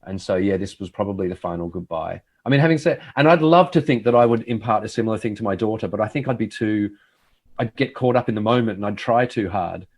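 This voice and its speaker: Middle-aged guy chatting, lowish voice, reflective storyteller. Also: lively intonation, fast talker, a little mellow, husky. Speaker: TV host. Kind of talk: casual conversation.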